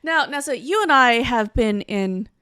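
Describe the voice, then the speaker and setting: A woman hosting a comedy podcast in casual chat, brash and profane, quick to laugh. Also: a little high, animated, pushed and bright, slight background noise. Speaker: podcast host.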